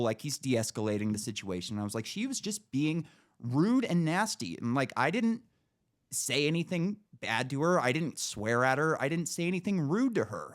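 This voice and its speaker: Animated, profane man telling a story. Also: mid-range voice. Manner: animated, profane, acts out dialogue. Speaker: podcast co-host. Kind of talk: casual storytelling.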